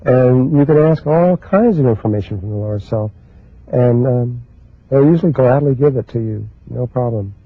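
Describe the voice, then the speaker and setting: A man giving a spiritual talk in a slow, halting way, pausing often and restarting his sentences. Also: medium pitch, dry recording. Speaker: spiritual teacher. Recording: husky, dry, phone-like lo-fi recording.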